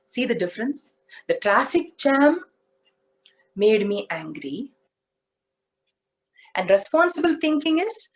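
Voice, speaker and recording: A woman giving a motivational spiritual talk, speaking deliberately and asking her listeners questions. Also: fairly high pitch, sing-song, rough recording. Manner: slow, deliberate, asks the audience questions.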